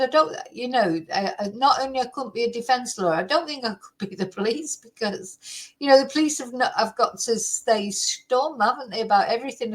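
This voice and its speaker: A woman's voice: a little high, poor audio. A woman giving casual true crime commentary to camera, exasperated and ranting, with swearing.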